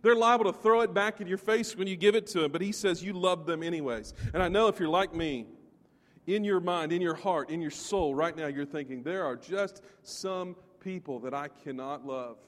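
A man's voice: high-pitched, a little fast, big-room sound. A man preaching a sermon, emphatic and putting questions straight to the congregation. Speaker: pastor.

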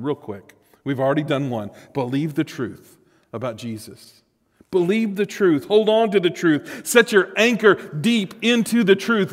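A man preaching a Sunday sermon as pastor, earnest and animated, often restarting his phrases. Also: a little high, in a large hall.

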